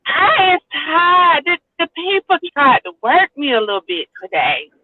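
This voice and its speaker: A woman's voice: high-pitched, expressive, measured pace. A woman calling into a talk show, chatting animatedly in a casual way. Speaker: caller. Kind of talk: casual chat. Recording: tinny phone-like call with faint noise.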